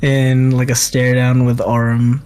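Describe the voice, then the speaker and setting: A man's voice: medium pitch, flat delivery, a little slow, darkish tone, smooth. A young man narrating as game master of a tabletop game, laughing often between filler words.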